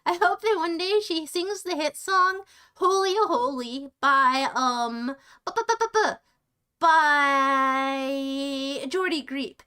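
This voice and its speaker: A woman's voice: sits high, takes it slowly, bright, forceful tone. A woman streamer chatting casually on a livestream, rambling playfully and often restarting her sentences.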